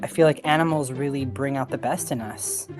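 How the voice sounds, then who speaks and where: A woman in a documentary interview looks back on a cherished friendship. Her voice is low and heartfelt. Music plays underneath her words. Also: fairly even intonation, a little fast. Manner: heartfelt, reflective.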